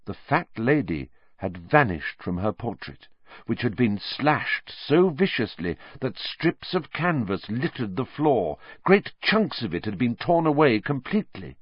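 Male storybook narrator with a lively voice. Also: mid-range voice, unhurried, slightly rough, no room sound. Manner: expressive, lively reading. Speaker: audiobook narrator. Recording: dull lo-fi audiobook recording.

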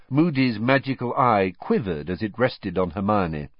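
A man narrating an audiobook with expressive storytelling and character voices. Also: fairly low pitch, normal speed, no echo, lo-fi sound.

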